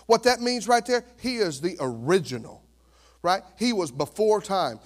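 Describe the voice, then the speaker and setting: A man in his fifties delivers a sermon as a pastor, speaking in an animated, conversational way and packing in rhetorical questions. His voice sits high, and he talks at a normal speed.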